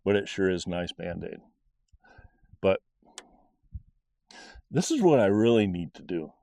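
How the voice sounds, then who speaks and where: A man's voice: sits low, very animated, a little slow, vocal fry, mellow, dry recording. A middle-aged man telling a personal faith story in a rambling, earnest, conversational way. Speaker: podcast storyteller.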